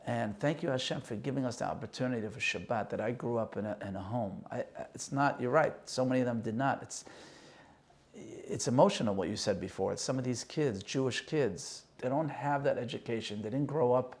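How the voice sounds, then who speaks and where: A man hosting a sit-down conversation, retelling a personal story with feeling. He acts out the people he quotes and drops to a hush at the tender moments. His voice sits at an ordinary middle pitch. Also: a little fast. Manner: emotional, animated retelling with quoted dialogue. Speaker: host and singer.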